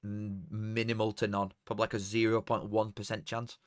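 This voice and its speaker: A man's voice: fairly low pitch, level tone, brisk, dry recording, clean studio sound. A young man, casually commentating on a live match and bantering with chat. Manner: banter with chat, swings from mutters to shouts. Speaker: watchalong streamer.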